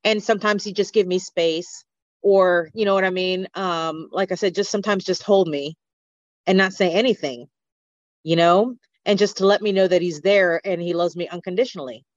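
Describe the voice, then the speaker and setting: A woman's voice: lowish voice, steady tone, moderate pace, no echo. A woman speaking as a podcast guest in a candid conversation, earnest, open and reflective. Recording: dull lo-fi podcast audio.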